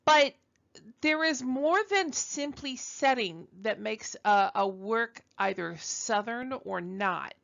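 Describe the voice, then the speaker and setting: A woman's voice: mid-range voice, fairly bright tone, lo-fi sound. A woman from Brooklyn giving a conversational recorded university lecture, chatty and self-deprecating, with frequent ums and uhs. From Brooklyn, New York.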